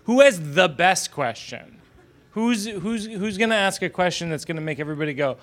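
A man's voice: sits high, lively intonation, moderate pace, fairly bright tone. A man moderating an audience Q&A, joking and upbeat. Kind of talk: hosting an audience Q&A.

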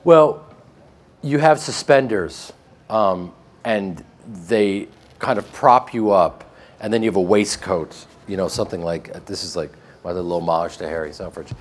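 A man with a flat Midwestern American accent, a guest actor telling joking stories in a casual interview. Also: low voice, a little slow. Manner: joking, animated storytelling with laughs.

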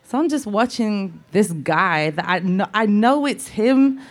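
A woman with a Liverpool accent, telling animated stories about her songwriting career in a casual interview. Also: medium pitch, a little slow. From England. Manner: animated, lively storyteller with laughs. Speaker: songwriter guest.

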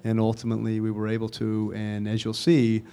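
Low, flat-voiced male film director. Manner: measured, deliberate, with occasional fillers. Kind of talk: press interview answers.

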